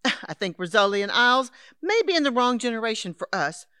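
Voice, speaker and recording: Woman doing brisk scheming old lady in a radio play, lively pitch, dry sound. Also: clear, resonant tone, no echo. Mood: teasing. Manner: brisk, patronizing, calls others dear and darling. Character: scheming elderly woman, Henrietta, would-be crime writer. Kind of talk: audio drama acting.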